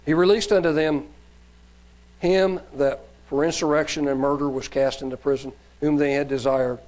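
A man's voice: on the high side, fairly even intonation, moderate pace, a little mellow, rough recording. Man reading scripture in a raised voice. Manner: raises voice for quoted cries, with fillers and restarts. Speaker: preacher. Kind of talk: Bible reading with sermon commentary.

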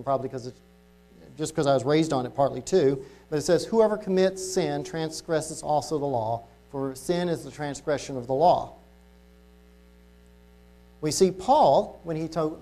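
A man preaching an informal sermon to a congregation, talking casually and reading Bible verses slowly and deliberately. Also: on the high side, warm tone. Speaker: lay preacher.

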